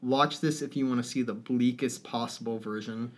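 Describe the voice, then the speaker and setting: A man's voice: medium pitch, fairly even intonation, normal speed. A man in casual conversation about a film, talking with feeling, swearing casually and laughing now and then.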